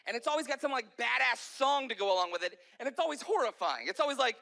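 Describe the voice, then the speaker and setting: A male stand-up comedian telling jokes in an animated way, often acting out voices. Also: very high voice, fast, gravelly.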